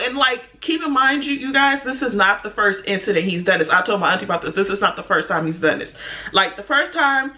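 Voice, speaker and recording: A young adult woman telling a storytime rant as a vlogger, animated and laughing as she acts out what people said. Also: medium pitch, brisk.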